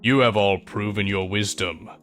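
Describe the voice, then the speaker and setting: A man voicing a huge stone golem guardian that speaks in a flat automated monotone, with slow, formal pronouncements. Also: lowish voice, faint music behind, voice pushed down, lightly acted. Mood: solemn.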